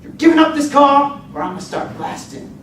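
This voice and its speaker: Man acting out a menacing carjacker, gruff, barking, echoey hall, distant, noisy. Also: very high-pitched, very animated, fast talker, voice pushed up. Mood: menacing shouts. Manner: barking threats.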